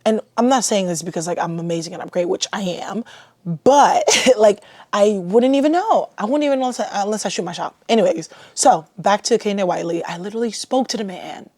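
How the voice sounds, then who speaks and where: A woman's voice: medium pitch, a little fast, a little mellow, dry recording. A young woman from Haiti hosting her own podcast, talking casually and self-deprecatingly with lots of "like.". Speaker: podcast host. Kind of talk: casual solo podcast chat.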